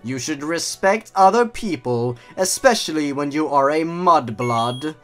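A smug young wizard, as a man puts him on, prim and politely condescending. The voice sits a little high and lifts lively through each line, with faint music underneath. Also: unhurried.

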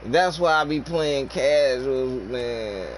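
A man's voice: medium pitch, lively intonation, slow pace. A man streaming a game, griping about teammates in casual, joking banter with his younger brother. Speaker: gaming streamer. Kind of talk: casual commentary while playing a game. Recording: game sounds and noise behind.

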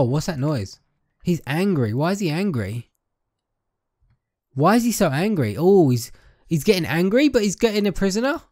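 A young man narrates his gameplay in a chatty, playful way, often turning to address his viewers directly. His voice sits a little high for a man. He jokes and talks straight to the characters on screen. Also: a little mellow. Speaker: gaming YouTuber. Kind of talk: casual let's-play commentary.

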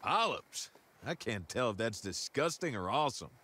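An actor playing a wisecracking young gang leader who makes dry quips in a video game. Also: male voice, mid-range voice, big pitch swings, moderate pace, pushed and bright. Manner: dry quips and sound-effect jokes.

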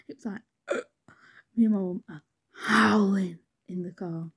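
A woman's voice: mid-range voice, fairly even intonation, unhurried, slightly rough. A young woman with a British accent, telling a personal story in a rambling, chatty way, swearing freely and saying "anyways" a lot. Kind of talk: casual storytime narration.

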